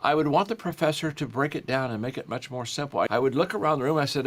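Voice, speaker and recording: An older man, a guest author in an interview, speaking in a warm storytelling way with frequent repeated words. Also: medium pitch, quick pace, hardly any pauses. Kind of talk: conversational interview.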